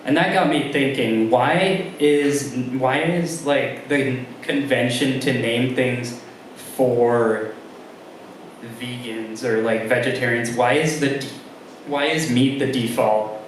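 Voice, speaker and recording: A young man doing a stand-up comedy set, talking haltingly with many ums and restarts. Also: mid-range voice, far from the mic, a little hiss or hum. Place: comedy club room with a live audience. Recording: very roomy live room sound.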